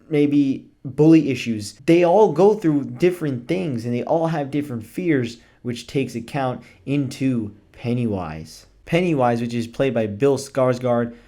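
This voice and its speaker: A young man reviewing a movie in a casual chat, gushing with excitement, swearing freely and laughing often. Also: mid-range voice, measured pace.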